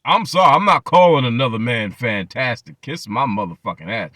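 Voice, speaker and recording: A man's voice: medium pitch, lively intonation, fairly quick, a bit bright, no room sound, studio quality. A man hosting his channel, ranting in profane reaction commentary and mocking people with repeated phrases. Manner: mocking, profane rants with many repetitions. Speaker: channel host.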